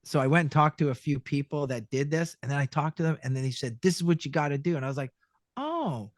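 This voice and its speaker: A man's voice: fairly high pitch, quick pace, dry recording, studio quality. A middle-aged man from Canada, a voice actor telling stories in a casual interview and acting out the voices and lines he quotes. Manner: animated storyteller who acts out voices and quotes. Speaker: guest voice actor.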